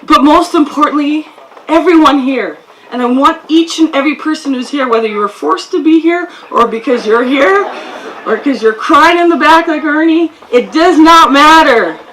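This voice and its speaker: A woman's voice: sits high, normal speed, a bit bright, slight background noise, low-quality recording. A woman from Canada giving a heartfelt, storytelling speech at an outdoor field ceremony. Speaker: guest speaker.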